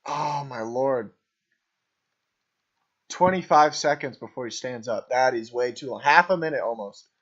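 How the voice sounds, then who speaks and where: A man's voice: medium pitch, unhurried, pauses often, fairly bright tone. A man coaching an improv troupe, casually commenting over a video of their scene in a rambling way, full of ums and "right?". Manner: rambling, filler-heavy, keeps asking "right?". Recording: dull lo-fi voice recording.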